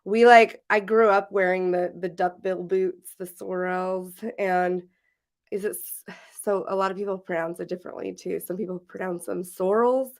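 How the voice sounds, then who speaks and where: A woman's voice: fairly low pitch, level tone, moderate pace. Woman, podcast co-host, casual livestream chat, laughs easily, rambles. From Washington State. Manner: chatty, laughs often, rambling restarts.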